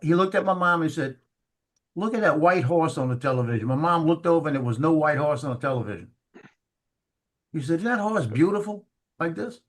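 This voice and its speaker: A middle-aged man recounts family memories in a relaxed, conversational way. His voice sits a little high for a man, and he stumbles and repeats words as he acts out the lines of the people in his story. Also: a little fast, pauses often. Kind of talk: casual storytelling chat.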